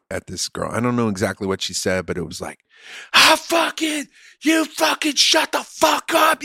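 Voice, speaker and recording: A man's voice: on the low side, creaky, fairly bright tone, no room sound, studio quality. Earnest man telling a story. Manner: earnest, with frequent restarts. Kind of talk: casual chat, storytelling.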